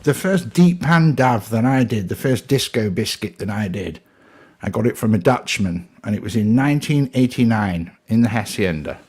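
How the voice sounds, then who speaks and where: A man's voice: on the low side, animated, moderate pace, a little mellow, slightly rough. A man in his fifties on a livestream call, rambling and joking in casual chat, often trailing off and restarting.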